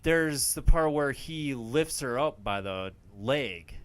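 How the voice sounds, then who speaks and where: A man co-hosts a movie podcast in a smooth, clear voice. He talks slowly and easily, often just agreeing with short replies as his friend recaps the film. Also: medium pitch, expressive, fairly bright tone. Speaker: podcast co-host. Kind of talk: casual movie review chat.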